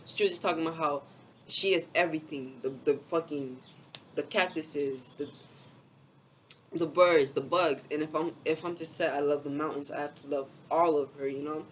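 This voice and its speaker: Young man, slightly high voice, laid-back slangy storytelling, lots of swearing and fillers, dull lo-fi recording. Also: fairly even intonation, moderate pace, a bit bright. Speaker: spiritual vlogger. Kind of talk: casual rambling storytelling. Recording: dull lo-fi sound with faint background hiss.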